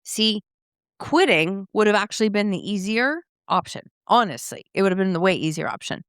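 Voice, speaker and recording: A middle-aged Canadian woman hosting her own podcast, telling a personal story in a casual, animated way and acting out the dialogue. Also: medium pitch, normal speed, clear, resonant tone, no echo, clean studio sound. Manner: conversational, animated, acts out quoted dialogue. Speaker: podcast host.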